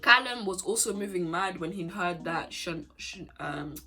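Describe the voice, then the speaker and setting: A young woman giving a sassy, animated recap of a reality show in casual vlog commentary. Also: on the low side, normal speed, faint music behind. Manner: sassy, animated, addresses people directly. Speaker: vlogger.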